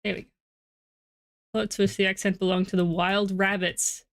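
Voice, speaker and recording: A woman's voice: medium pitch, level tone, moderate pace. A woman streaming a game live, chatting casually with her viewers and talking to her pet in asides.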